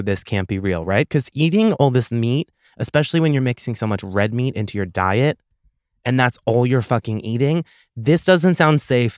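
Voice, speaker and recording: A young man hosting a solo comedy podcast, telling stories in a profane, sarcastic, animated way. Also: mid-range voice, dry recording, studio quality. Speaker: podcast host.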